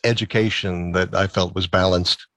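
Chatty low-voiced man telling stories. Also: fairly even intonation, normal speed, a bit bright, no room sound. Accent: neutral American, Midwestern-sounding. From Massachusetts. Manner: chatty, storytelling, laughs often. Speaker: radio guest. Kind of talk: casual interview chat.

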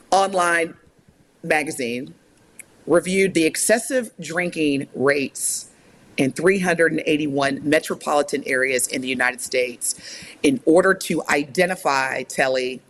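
Woman radio co-host from Indiana, animated and playful, casual chat. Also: low-pitched. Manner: animated, laughing, reading a list aloud.

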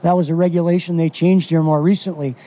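A man's voice: a little high, flat delivery, fast talker, mellow. A middle-aged man from Wisconsin, a fishing guide talking in a casual radio interview, folksy and enthusiastic with lots of fillers.

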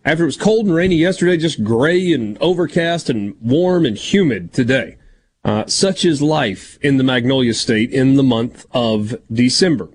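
A man hosting a casual sports radio show, easygoing and smooth on the sponsor reads. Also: mid-range voice, normal speed.

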